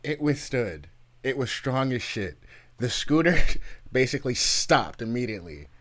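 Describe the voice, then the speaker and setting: Man, casual storytelling, laid-back, lively pitch, laughs a lot. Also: measured pace.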